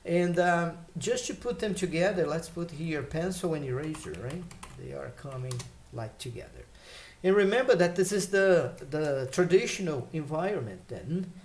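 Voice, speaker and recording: A man teaching English vocabulary in a relaxed, explanatory way, pausing with fillers and checking in with "okay?" and "right?". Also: fairly high pitch, slight background noise. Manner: explains slowly with many fillers and check questions. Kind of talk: casual spoken lesson.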